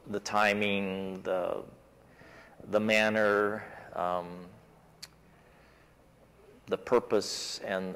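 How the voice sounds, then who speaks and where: A man's voice: on the low side, gravelly, a bit bright. A man leading a Sabbath School Bible class in casual, conversational talk with his group. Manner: conversational, talks things through with the class. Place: church classroom. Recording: reverberant church hall.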